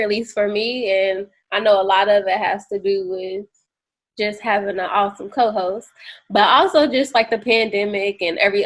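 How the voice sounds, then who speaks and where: A woman's voice: medium pitch, fairly bright tone. A woman co-hosting a podcast, thinking aloud in a reflective, casual way. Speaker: podcast co-host.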